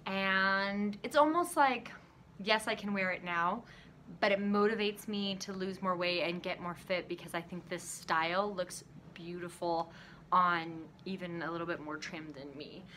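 A woman's voice: lowish voice, measured pace, bright, forceful tone, a little hiss or hum. A young woman chatting casually to her vlog camera in a rambling way, with lots of fillers and small laughs. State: shivering with cold. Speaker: vlogger. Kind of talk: casual chat.

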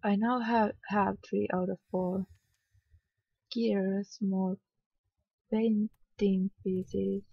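Yawny woman playing a hidden object game, husky voice, dry close sound, kinda annoyed. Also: medium pitch, little pitch movement, very slow, long pauses, dry recording, highs cut off. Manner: sleepy, yawning, mildly exasperated muttering. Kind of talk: casual let's-play commentary.

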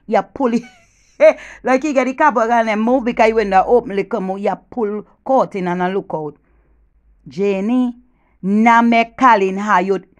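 Her voice fairly high, a woman with a Jamaican accent gossips animatedly in a comic phone call we hear only one end of. She moves back and forth between loud boasts and hushed whispers.

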